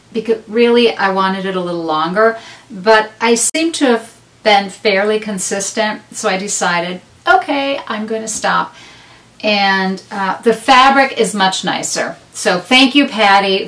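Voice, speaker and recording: A woman's voice: mid-range voice, fairly bright tone. Woman, middle-aged, knitting podcast host, casual rambling chat, self-deprecating, echoey room, mic at a distance. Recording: roomy sound, a bit off mic.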